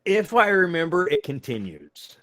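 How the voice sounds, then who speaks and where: A man co-hosting a podcast, chatting in an animated way, often laughing and swearing casually while recapping episodes. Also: on the high side, moderate pace. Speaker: podcast co-host. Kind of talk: casual chat.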